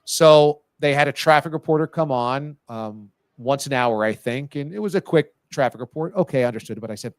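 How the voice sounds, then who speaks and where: Man, sports talk host, lively storyteller, dry close sound. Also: mid-range voice, normal speed, few pauses, no echo. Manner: lively, storytelling, laughs often. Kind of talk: casual live show chat.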